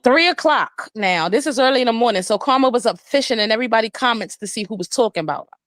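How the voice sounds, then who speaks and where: A grown woman live-streaming, telling a long story in a blunt, profane and indignant way, with rapid run-on retelling. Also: on the high side, lively intonation, fairly bright tone. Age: adult.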